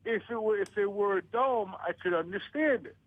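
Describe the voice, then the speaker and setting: Guy with a high voice griping on a talk show, lots of stammering restarts, dull dry lo-fi sound. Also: brisk, dry recording. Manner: stammering restarts, ranting complaints. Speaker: author guest. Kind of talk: radio talk show banter.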